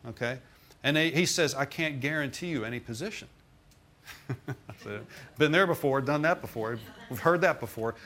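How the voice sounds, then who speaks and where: A middle-aged man preaches at normal speed in a mid-range, fairly bright voice. He's a pastor recounting a personal testimony in conversational style, regularly turning to the congregation with asides.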